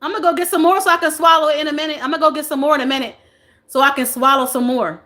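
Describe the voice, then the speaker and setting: Bright high-voiced woman live-streaming. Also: steady tone, racing. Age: 40s. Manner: playful, laughs often, teases viewers. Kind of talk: casual live chat reading comments.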